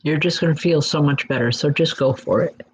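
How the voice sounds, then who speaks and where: A woman working as a psychic medium, giving spirit readings in a gentle, reassuring way and speaking straight to listeners by name. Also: low-pitched, brisk, husky. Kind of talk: live spirit readings and announcements. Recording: dull lo-fi recording.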